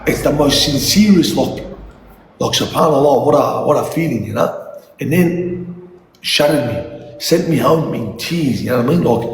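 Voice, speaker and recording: A middle-aged man telling animated, sweary stories about his kids to viewers in a casual chat. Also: mid-range voice, moderate pace. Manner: animated, swearing, laughing asides. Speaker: father talking to viewers. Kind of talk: casual storytelling livestream. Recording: echoey room with long reverb, faint noise.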